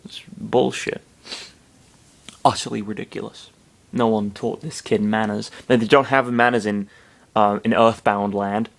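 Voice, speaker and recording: A man's voice: on the low side, steady tone, measured pace, gravelly. A man reading fan fiction aloud, breaking off for sarcastic, muttered asides full of swearing.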